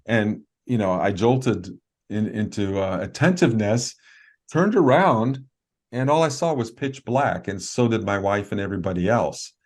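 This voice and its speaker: A man with a lowish voice recounts an experience as a guest on a video call interview. He talks earnestly and haltingly, often pausing on fillers and starting over. His tone is sincere and unhurried. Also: darkish tone.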